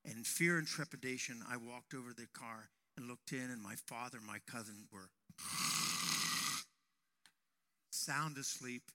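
A man preaching a sermon to young men, telling a personal story and raising his voice to a shout at dramatic moments. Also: medium pitch, a little slow, pauses often. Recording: long hall reverb.

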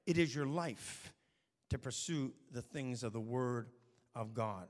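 A man preaching a sermon, telling stories and moving between quiet asides and shouted warnings. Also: fairly high pitch, very animated, normal speed, big-room sound.

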